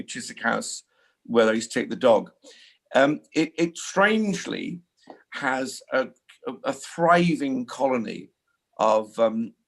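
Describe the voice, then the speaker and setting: A man's voice: medium pitch, vocal fry. A man in his sixties, chatting casually as a guest and rambling with frequent restarts. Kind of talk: casual conversation.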